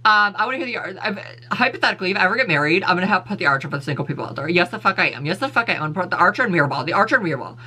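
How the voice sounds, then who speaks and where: A man's voice: high-pitched, expressive, racing, bright, forceful tone, breathy edge. A man ranting on his vlog, sassy, blunt and full of profanity. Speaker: vlogger. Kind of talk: casual opinion rant.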